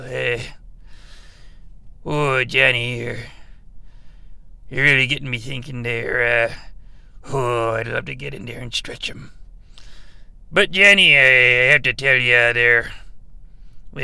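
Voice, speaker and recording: Male actor as a boastful old wrestling patriarch: slow, halting, gravelly, bright and smooth, close dry mic. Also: medium pitch, no room sound, full character voice. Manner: rambling, halting, full of uh and well. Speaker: comic character on a podcast. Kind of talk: improvised comedy podcast.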